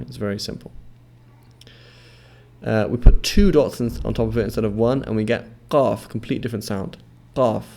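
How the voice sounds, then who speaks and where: A man with a gravelly, creaky edge to his voice walks through pronunciation like a patient teacher. He repeats each sound slowly, stretches it out, and keeps checking that the listener is following. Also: lowish voice, a little mellow. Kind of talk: instructional explanation with repeated model words.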